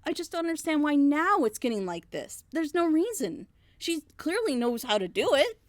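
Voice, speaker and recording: Woman, casual co-host, animated ranter, fairly high voice. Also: normal speed, dry recording. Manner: animated, ranting, acts out quoted lines. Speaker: reaction video co-host. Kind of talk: casual group chat reacting to a show.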